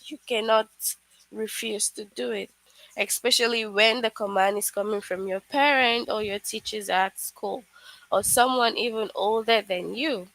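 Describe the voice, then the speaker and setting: A woman's voice: on the high side, pushed and bright, no room sound, poor audio. A woman teaching a live online English lesson to children, explaining patiently step by step with frequent "okay"s.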